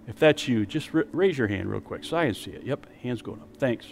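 A male pastor preaching a sermon in a church, rising to emphatic peaks and then dropping to a soft, quiet voice to lead prayer. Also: mid-range voice, lively intonation, a little fast, vocal fry, few pauses, big-room sound. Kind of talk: sermon with altar call. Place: church sanctuary with online stream.

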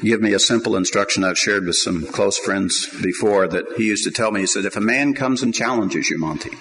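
A middle-aged man preaching a sermon, swinging between quiet asides and loud emphatic points. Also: lowish voice, fairly quick, rough recording. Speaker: pastor.

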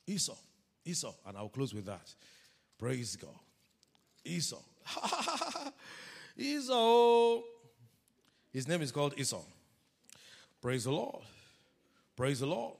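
A man preaching a sermon as pastor, animated, calling the congregation to read scripture aloud with him. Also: mid-range voice, breathy edge.

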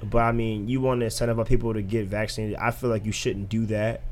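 A man's voice: fairly low pitch, fast, a little hiss or hum. A young man in casual podcast chat, arguing with rhetorical questions. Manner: animated, argumentative, rhetorical questions.

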